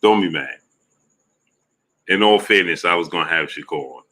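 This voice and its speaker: A man's voice: sits low, normal speed, bright, forceful tone. A man hosting a live stream, laughing a lot and greeting viewers by name in casual talk. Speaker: livestream host reading chat.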